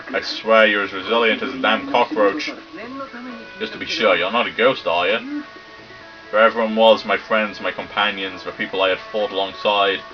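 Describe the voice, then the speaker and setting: A British man reading game dialogue aloud and joking and swearing through a let's play. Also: lowish voice. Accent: British English. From Britain. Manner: sweary, joking, does quick silly voices for characters. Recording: dull lo-fi sound with game music behind. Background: game music.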